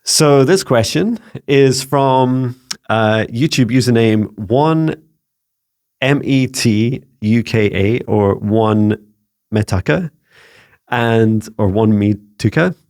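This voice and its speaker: A man's voice: medium pitch, slow, a little mellow. A Scottish man hosting a spiritual guidance channel, talking casually in a musing, searching way with frequent fillers. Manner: musing, searching, full of "you know" and "um". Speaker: psychic mentor, channel host.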